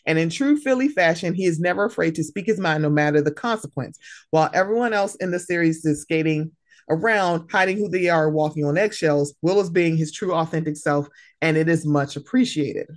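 A woman from West Philadelphia hosting a podcast, chatting casually, frank and swearing freely, jumping high in pitch when she quotes herself. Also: a little fast. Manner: animated, swoops high when quoting herself. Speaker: podcast host. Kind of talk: casual chat.

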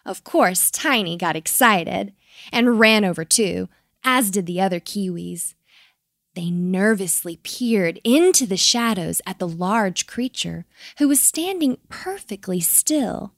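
A woman narrating a children's bedtime story, gentle and expressive. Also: mid-range voice, slow, dry recording, clean studio sound.

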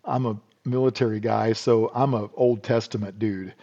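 A man's voice: lowish voice, steady tone, normal speed, dark tone. A middle-aged American man, a podcast guest, telling stories in a rambling, folksy way with lots of "you know." The sound is dull and lo-fi. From United States. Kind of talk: casual storytelling interview.

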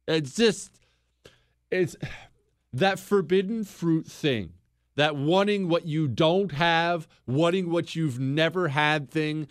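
A man's voice: on the high side, dry recording, studio quality. A middle-aged American man hosting a talk show, bantering and mock-boastful as he answers listener questions. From United States. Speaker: radio talk show host. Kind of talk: casual call-in advice chat.

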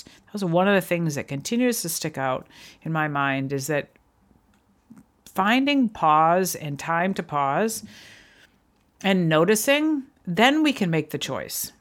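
A middle-aged woman hosting a solo podcast, speaking earnestly and encouragingly to her listeners. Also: on the low side. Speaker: podcast host. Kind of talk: reflective solo podcast talk.

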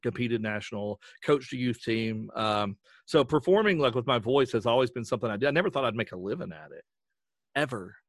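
A man's voice: medium pitch, fairly quick, no echo, clean studio sound. A man with a Southern Appalachian accent, a voice actor chatting as a podcast guest and acting out voices as he tells stories. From western North Carolina. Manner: animated storyteller who acts out voices. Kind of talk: casual chat.

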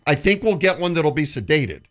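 A man's voice: on the high side, sing-song, brisk, a bit bright. A man co-hosting a sports radio show, telling a story in casual banter and acting out the people he quotes.

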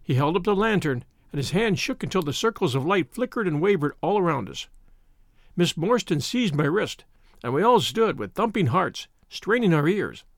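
A man reads a classic story audiobook-style, expressive and dramatic. His fairly high voice moves a lot in pitch at a moderate pace, and the recording is close and dry with no room sound.

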